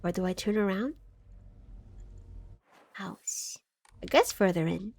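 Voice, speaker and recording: A woman's voice: medium pitch, animated, fast talker, a little mellow. A woman streaming a game live, chatting casually and reading chat aloud, scattered and giggly as she loses her train of thought.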